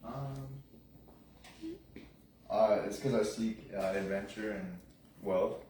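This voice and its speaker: A man's voice: lowish voice, slow pace, warm tone. A man playing at a tabletop game, answering hesitantly and casually. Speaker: player. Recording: echoey room, distant mic, noise.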